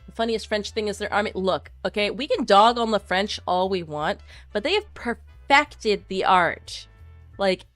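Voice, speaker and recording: A woman streamer in casual chat reading viewer comments, animated and opinionated, with lots of fillers. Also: medium pitch, no echo.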